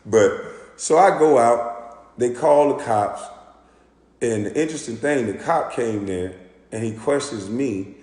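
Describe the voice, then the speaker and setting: A former pro basketball player telling a story in an animated, profane, indignant rant. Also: male voice, mid-range voice, unhurried. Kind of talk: ranting storytelling monologue. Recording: echoey room with long reverb.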